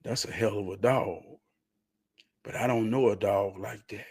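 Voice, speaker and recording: A man voicing a calm older male hunter and dog breeder, speaking low, quiet and measured. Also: breathy edge.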